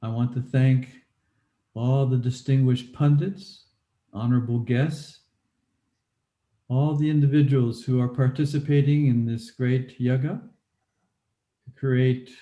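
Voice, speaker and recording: A man's voice: mid-range voice, fairly even intonation, takes it slowly, long pauses, dark tone. A man presenting at a webinar over a video call, politely checking whether others can hear him. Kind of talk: live video call talk. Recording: echoey room over a call.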